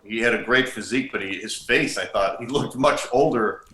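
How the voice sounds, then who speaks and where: A middle-aged man co-hosting a podcast, recounting details and dates in a steady, casual way. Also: lowish voice, moderate pace. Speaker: co-host and bodybuilding historian. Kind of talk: casual conversational chat. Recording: echoey room.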